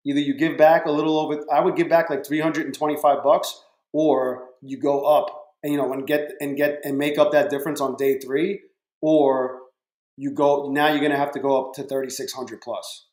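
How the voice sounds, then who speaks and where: A man's voice: fairly high pitch, flat delivery, normal speed, a little mellow. A man hosting a casual live stream from home, talking to his viewers by name and swearing freely. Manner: profane, talks to chat viewers by name. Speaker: livestream trading host. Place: home room. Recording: roomy echo.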